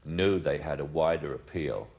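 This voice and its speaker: A man's voice: extremely low pitch, normal speed, vocal fry, darkish tone. A man answering an interview, musing aloud with stops and restarts.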